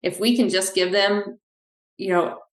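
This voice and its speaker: A woman physical therapist talking in a podcast interview, telling animated stories from her clinic. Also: mid-range voice, a little slow. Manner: animated, acts out quoted dialogue. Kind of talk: podcast interview, conversational storytelling. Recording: echoey room.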